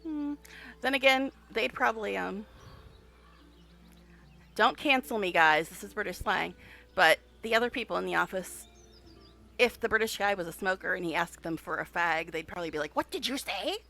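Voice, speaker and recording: A woman's voice: medium pitch, normal speed, gravelly, pauses often, pushed and bright, soft background music. A woman streaming a game, chatting with viewers, telling stories and laughing often. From United States. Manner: chatty storyteller, laughs often, talks directly to chat. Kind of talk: casual chat while live-streaming a game.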